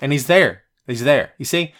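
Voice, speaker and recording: A man's voice: medium pitch, moderate pace, a bit bright. A man hosting a casual podcast livestream, ranting bluntly and passionately while answering viewer comments. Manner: casual slangy talk with many repeats. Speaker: wrestling podcast host.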